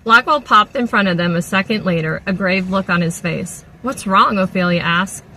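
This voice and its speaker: A woman's voice: on the low side, moderate pace, slight background noise, poor audio. Woman reading a novel aloud. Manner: steady read-aloud with small restarts. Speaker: audiobook reader.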